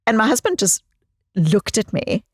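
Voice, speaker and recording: A woman psychologist telling personal stories as a guest in an interview, expressive and fond of repeating phrases for emphasis. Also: on the high side, moderate pace, slightly rough, no echo, clean studio sound. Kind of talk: conversational interview storytelling.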